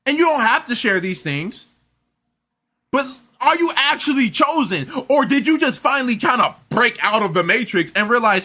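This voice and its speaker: A man rants through a reaction commentary in a high, bright voice that jumps all over the place. He sounds exasperated and rambles, stumbling and repeating words as he goes. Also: big pitch swings, moderate pace. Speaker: reaction streamer.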